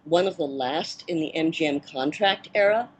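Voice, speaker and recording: A woman in her fifties, a former child actress turned film producer, recalling her career in a measured, reflective way with soft fillers. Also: sits low, slightly rough, low-quality recording. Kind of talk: interview reminiscence.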